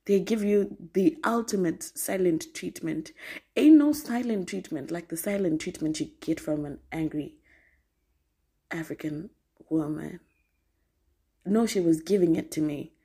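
A woman in her twenties telling a story as a podcast host, animated and slangy, laughing often. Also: lowish voice, unhurried, slightly rough. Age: 20s. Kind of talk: casual storytelling monologue.

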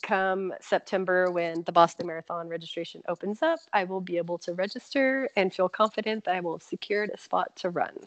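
A woman's voice: on the low side, a little fast, hardly any pauses, no echo. A woman telling a personal story as an interview guest, laughing often and acting out what people said. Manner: animated, laughs often, acts out quotes. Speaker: marathon runner guest. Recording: dull lo-fi remote audio.

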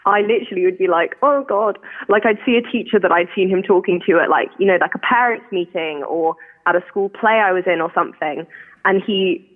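A woman with a posh southern English accent, chatting as a caller and laughing often at herself. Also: on the low side. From England. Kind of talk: casual chat. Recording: tinny phone line.

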